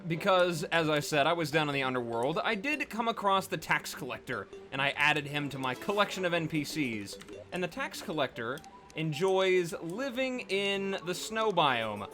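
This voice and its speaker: Chatty bright-voiced male gamer. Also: on the high side, sing-song, normal speed, soft background music. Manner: rambling, chatty, full of fillers. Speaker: let's play host. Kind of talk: casual gameplay commentary.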